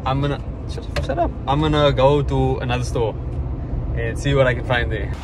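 Young dude rambling on his vlog, swears a lot, loud traffic noise behind. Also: mid-range voice, steady tone, fairly quick. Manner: rambling, laid-back, swears freely. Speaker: vlogger. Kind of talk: casual vlog chat. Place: in a car, then inside a store.

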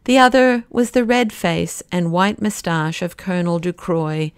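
A woman reading an audiobook in a measured storytelling manner. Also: fairly low pitch, lively intonation, smooth, dry recording. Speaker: audiobook narrator. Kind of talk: scripted audiobook narration.

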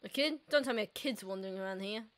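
A young woman records a let's play, chatting, reacting, and reading the game characters' lines aloud. Her medium-pitched voice is fast and fairly bright, with slight background noise.

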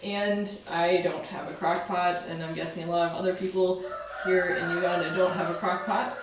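A woman walks through a home demonstration in a relaxed, explanatory way, pausing on fillers and restarting phrases. Her voice sits a little off the mic in a strongly echoing kitchen. Faint room noise hangs underneath. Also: fairly low pitch, distant mic. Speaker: soap-making instructor. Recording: very echoey room, voice from away from the mic.

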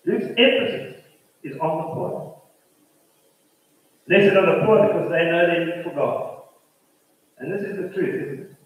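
Heard through narrow, tinny audio, this South African pastor speaks in a fairly high voice at a measured pace, leaving long pauses. He builds his sermon with rhythmic repetition, recorded from afar in a spacious church hall.

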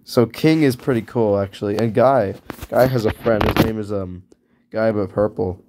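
A man's voice: fairly low pitch, normal speed, noisy background. A man casually narrating as he draws, rambling and correcting himself in an offhand way. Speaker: video creator. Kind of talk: casual narration while drawing.

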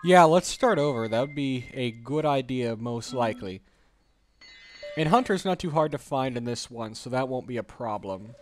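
A man's voice: medium pitch, lively intonation, moderate pace, faint music behind. A man giving casual, jokey commentary while playing a video game, grumbling at the levels. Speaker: let's play host.

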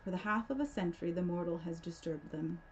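A woman on the library staff giving a measured, theatrical reading of a horror tale. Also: lowish voice, a little hiss or hum. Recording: dull lo-fi recording.

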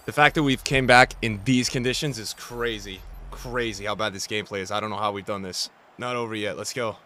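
Young man, streamer, live gameplay commentary, trash-talking, frustrated, forceful tone. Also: fairly low pitch, brisk.

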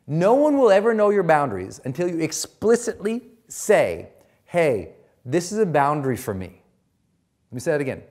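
A middle-aged man giving an emphatic motivational talk as a personal growth coach, repeating his key points. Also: a little high.

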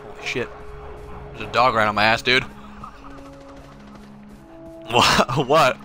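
A man chatting and swearing loudly while playing a co-op shooter with friends, reacting with quick outbursts and laughter. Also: mid-range voice, soft background music. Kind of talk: casual gameplay chat.

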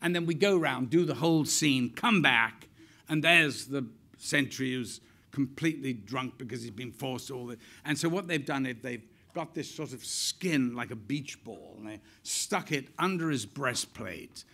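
An older man telling lively anecdotes on stage, laughing as he goes. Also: mid-range voice, normal speed, gravelly. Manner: animated, laughing as he tells stories. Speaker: guest actor. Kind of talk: onstage anecdotal storytelling. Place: stage event before an audience.

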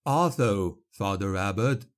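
A man voicing a big, simple-minded peasant man who speaks slowly and with wonder, a little higher than his narration. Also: lively intonation. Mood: awed.

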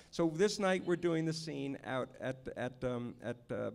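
A man, a film director, telling lively stories at an audience Q&A and acting out the people in them. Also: mid-range voice, unhurried, creaky, few pauses. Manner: animated storyteller, acts out the people he quotes. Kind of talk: storytelling at a Q&A. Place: stage at a film screening venue.

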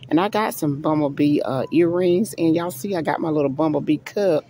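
A woman's voice: low-pitched, brisk, mellow, a little hiss or hum, low-quality recording. A middle-aged woman chatting to her viewers as she browses a large store, thinking aloud about what to buy. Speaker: vlogger. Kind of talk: casual shopping vlog talk to viewers. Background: store ambience.

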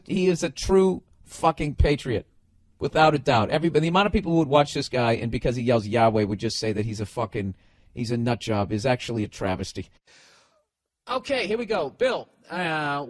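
A man's voice: fairly high pitch, dry recording, studio quality. A middle-aged man hosting a podcast, telling stories and ranting casually with lots of swearing and loose restarts. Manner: profane, animated, loose storytelling. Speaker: podcast host.

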